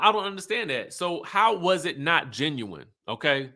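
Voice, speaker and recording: A man hosting an online show, recapping in animated, chatty talk with emphatic asides. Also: on the high side, moderate pace, hardly any pauses. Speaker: YouTube host recapping reality TV. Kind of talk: casual chat.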